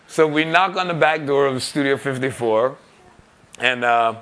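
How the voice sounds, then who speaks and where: Bright-voiced man telling a lively anecdote. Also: medium pitch, moderate pace. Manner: animated storyteller, laughing, acting out quoted voices. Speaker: musician and record producer.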